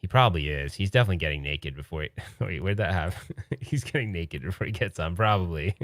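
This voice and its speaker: Low-voiced male streamer, hushed casual chat that keeps breaking into laughs, dry room. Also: fast talker, dry recording. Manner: laughing, joking, excitable but hushed. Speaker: livestream host. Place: home room at night.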